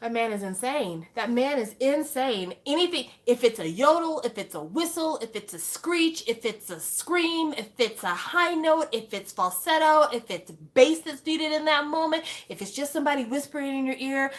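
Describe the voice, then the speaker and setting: A young woman in a casual fan monologue, her voice sitting a little high. She talks in an animated, exclaiming way and keeps firing off rhetorical questions. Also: moderate pace, few pauses. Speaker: fan vlogger.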